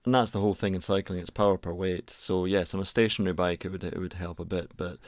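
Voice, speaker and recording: A man co-hosts a casual chat with a fairly low voice. He talks in a relaxed way and chuckles now and then. The sound is close and dry. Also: fast, dry recording. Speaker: podcast co-host.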